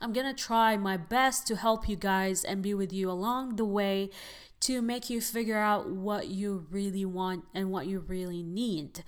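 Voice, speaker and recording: A woman's voice: medium pitch, fairly even intonation, a little slow, clean tone. Chatty woman hosting a podcast. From United Arab Emirates. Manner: chatty, addresses listeners as guys, frequent fillers. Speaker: podcast host. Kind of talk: casual monologue podcast.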